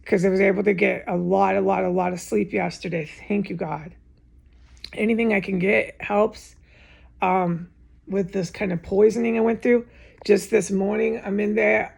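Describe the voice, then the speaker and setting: Woman vlogger with a very gravelly, husky voice, ranting at home in a loose, repetitive monologue. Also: mid-range voice, steady tone, normal speed, darkish tone. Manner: agitated, repetitive, with frequent swearing. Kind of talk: rambling direct-to-camera monologue. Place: home, indoors.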